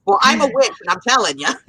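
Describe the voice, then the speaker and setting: A woman's voice: a little high, bright, forceful tone, husky, poor audio. An older woman in a casual chat, teasing playfully and telling stories about her granddaughter.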